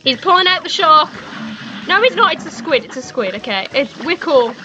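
A young woman commentating a video game as she plays, excitable and swearing, with loud outbursts. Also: high voice, normal speed, music in the background, rough recording. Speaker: gaming streamer. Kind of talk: let's play commentary. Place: home room.

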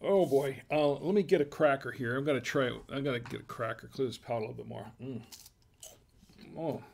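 A man's voice: mid-range voice, fairly quick, gravelly, slight background noise. A man hosting a casual wine tasting livestream, musing aloud in a hesitant, chatty way. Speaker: wine review show host.

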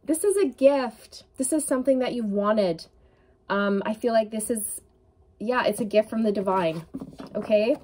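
A woman's voice: medium pitch, normal speed, darkish tone. A woman giving an intuitive tarot reading to camera, talking in an earnest, emotional way with many fillers. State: tearful at times. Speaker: tarot reader.

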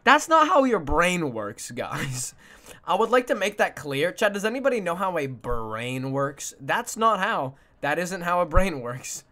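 A sleep-deprived man from Canada, chatting with his livestream viewers in an excitable, swearing way with sudden yelps. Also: high-pitched, a little slow. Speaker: streamer. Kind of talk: livestream chat reading viewer messages.

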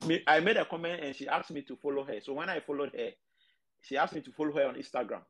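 A man with a Ghanaian accent telling a story in a casual podcast chat, halting and restarting as he goes. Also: on the high side, a bit bright.

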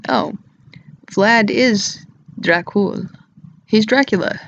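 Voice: medium pitch, slow pace, vocal fry, fairly bright tone, lo-fi sound, slight background noise. A vlogger rambling in an erratic, giggly way, cracking crude jokes to the camera. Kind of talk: rambling solo vlog talk.

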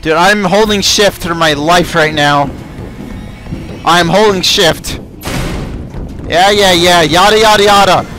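A man's voice: sits high, slow, long pauses, sharp tone, soft background music. A man giving let's play commentary, chatting to game characters and yelping when chased. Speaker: gaming video creator.

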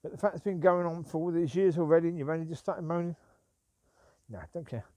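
A man's voice: on the high side, fairly even intonation, very fast, warm tone, no room sound. A man rambling as he walks his dogs outdoors at night, grumbling and repeating himself. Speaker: vlogger walking his dogs. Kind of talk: rambling walk-and-talk.

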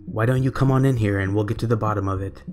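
A man's voice: fairly low pitch, fast talker, a little mellow, faint music behind, natural voice. A man voicing a cheery, sinister unseen man who invites the listener in with a chuckle in a horror story.

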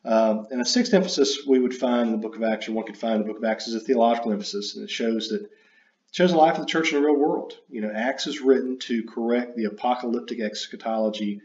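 A man giving an unscripted lecture, halting and full of fillers and self-corrections. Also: medium pitch, a little mellow. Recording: dull roomy recording.

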